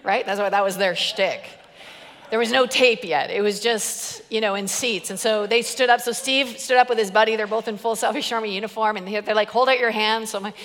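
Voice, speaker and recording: A woman's voice: mid-range voice, fairly even intonation, brisk, fairly bright tone, in a large hall. A woman preacher giving an emphatic sermon, building it with repeated phrases and humorous stories. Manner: emphatic, repetitive, storytelling with humor.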